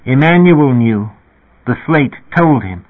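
A calm, cryptic young girl, as a man reads her part. She teases in slow, rising lines, and the voice sounds husky. The audio is thin and tinny, like a phone line. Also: mid-range voice, pitched above the performer's own voice.

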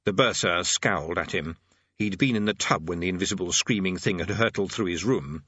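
A man's voice: deep voice, brisk, pushed and bright, breathy edge, no echo, muffled recording. A man narrating an audiobook with a dry, wry delivery.

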